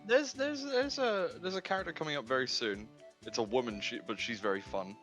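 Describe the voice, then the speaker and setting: A man's voice: mid-range voice, fairly quick, over music. A man co-streaming a game, chatting and joking casually. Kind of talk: casual let's-play banter.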